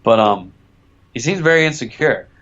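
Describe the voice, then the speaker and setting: A man's voice: mid-range voice, expressive, moderate pace, fairly bright tone, lo-fi sound. A young man co-hosting a podcast in casual chat, rambling through stories and swearing freely. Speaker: podcast co-host.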